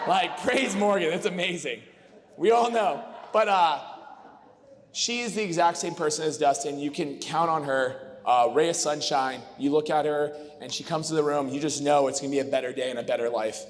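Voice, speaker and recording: A man's voice: on the high side, a little fast. A man in his thirties giving an emotional, heartfelt wedding toast as best man, rambling with fillers. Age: 30s. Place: wedding reception hall. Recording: long reverb of a reception hall.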